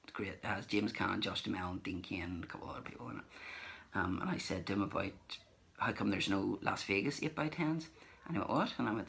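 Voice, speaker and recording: Male vlogger, deep gravelly voice with a bright edge, chatty and rambling, acts out the conversations he retells. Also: fast talker, slight background noise. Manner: rambling, acts out remembered dialogue. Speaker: collector vlogger. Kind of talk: casual anecdotal recap.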